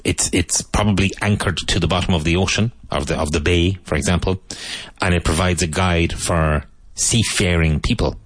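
A man with an Irish English accent, teaching English pronunciation to Spanish speakers through slow, repeated drill sentences. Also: low-pitched, no room sound. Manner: slow, deliberate repetition of model sentences.

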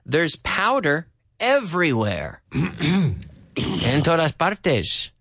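A man teaching English on a radio show from a studio, chatting, laughing often and repeating phrases slowly for learners. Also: on the high side, very animated, a bit bright, no room sound. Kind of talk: radio English lesson with translation drills.

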